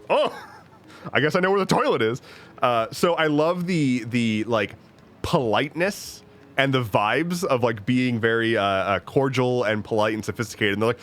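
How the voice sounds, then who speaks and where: A man's voice: medium pitch, expressive, unhurried, long pauses, fairly bright tone. A man chatting casually on a stream, rambling and joking with lots of restarts and swearing. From United States. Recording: faint music behind.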